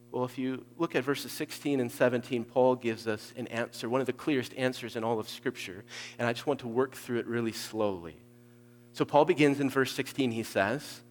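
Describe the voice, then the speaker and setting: A man preaching an expository sermon, dropping to hushed low lines and rising to loud emphatic peaks. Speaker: pastor. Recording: long hall reverb.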